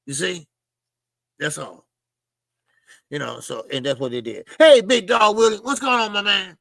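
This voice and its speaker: A man's voice: sits high, a little slow, vocal fry, a bit bright, dry recording, clean studio sound. A man hosting a casual boxing livestream, talking animatedly with swearing and greeting chat viewers by name. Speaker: boxing show host.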